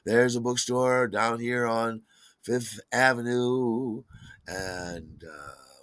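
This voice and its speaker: A man's voice: fairly low pitch, bright, forceful tone, dry recording. An older man telling a personal story in a wry, conversational way. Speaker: podcast host.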